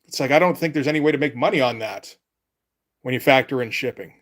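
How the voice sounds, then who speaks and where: A man's voice: mid-range voice, quick pace, fairly bright tone. A man chatting casually on a live stream as a comic artist, rambling and laid-back, with casual swearing.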